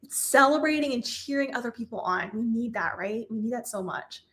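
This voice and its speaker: A woman's voice: fairly high pitch, lively intonation, fairly quick, a bit bright. A woman in her thirties hosting a live craft stream, bubbly and chatty, laughing often and apologizing when she stumbles over names. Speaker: craft host. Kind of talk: live-stream giveaway chat.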